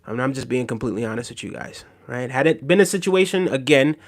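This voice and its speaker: Male livestream host, middle pitch, casual rambling talk, lots of fillers and repeated "right?". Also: expressive, fast. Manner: repeats himself, asks "right?" often, many fillers. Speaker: livestream host reading viewer comments.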